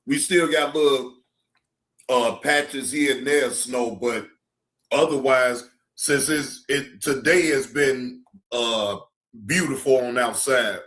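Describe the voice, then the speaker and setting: A man's voice: medium pitch, slow pace, fairly bright tone. A man hosting a livestream, talking bluntly and combatively to his chat in casual commentary. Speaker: streamer reacting to clips. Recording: roomy echo.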